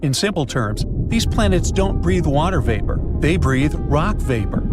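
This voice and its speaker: A man giving scripted science narration in a dramatic, playful way with jokey asides. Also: on the high side. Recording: faint music behind.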